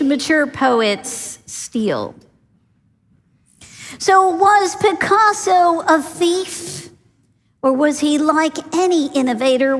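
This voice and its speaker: A woman's voice: high-pitched, long reverb tail. A woman giving a business conference keynote, telling stories with rhetorical questions and stressed words. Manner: storytelling with rhetorical questions and emphasis. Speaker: keynote speaker. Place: large conference hall.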